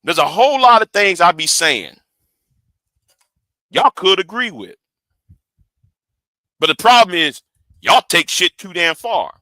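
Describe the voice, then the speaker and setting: Intense, bright-voiced man ranting on stream. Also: high-pitched, big pitch swings, measured pace, pauses often, dry recording. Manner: emphatic, profane, repeats words when worked up. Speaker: livestream host. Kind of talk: heated livestream commentary.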